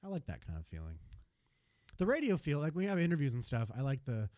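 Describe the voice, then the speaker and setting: An American man co-hosting a casual podcast, talking in a rambling, animated way that restarts and corrects itself mid-thought. His voice sits at an ordinary middle pitch. It is recorded close on a podcast mic, and the sound is dry. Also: quick pace, no room sound. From United States. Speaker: podcast co-host. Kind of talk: casual chat.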